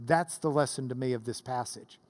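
A pastor in his 50s, speaking with a mid-range voice at a slightly fast pace, preaches a sermon to a class. He tells stories that build into passionate swells of rising intensity.

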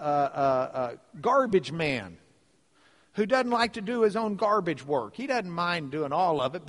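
A man preaching a sermon, telling a story with lively delivery and repeating phrases for emphasis. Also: on the high side. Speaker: pastor. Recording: reverberant hall.

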